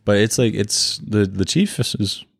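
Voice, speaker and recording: A man's voice: on the low side, normal speed, vocal fry, slightly rough, no room sound, studio quality. A man hosting a casual podcast chat with friends, joking, laughing often and trailing off mid-sentence. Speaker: podcast host.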